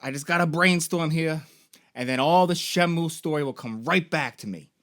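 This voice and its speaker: A man with a high voice retells a video game's story as a comedy bit. He rambles, swears freely and jokes along as he talks. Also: normal speed, fairly bright tone. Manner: rambling, profane, joking. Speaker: video game store founder and host.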